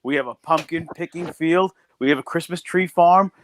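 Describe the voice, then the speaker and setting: High-voiced, ranting, profane man. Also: normal speed, a bit bright, slight background noise. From northern East Coast of the US, New York area. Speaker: podcast co-host. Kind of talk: casual podcast chat.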